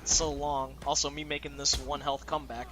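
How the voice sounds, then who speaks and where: A man's voice: mid-range voice, little pitch movement, brisk, background noise. A young man hosting a let's play, chatting casually and laughing often as he plays. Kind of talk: casual gameplay commentary.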